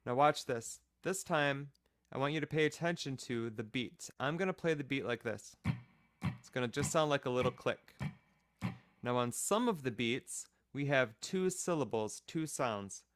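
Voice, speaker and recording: A man's voice: medium pitch, animated, moderate pace, fairly bright tone, no room sound, studio quality. Patient man teaching a music class. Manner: patient, explains step by step; counts off and keeps the beat. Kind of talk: children's music lesson.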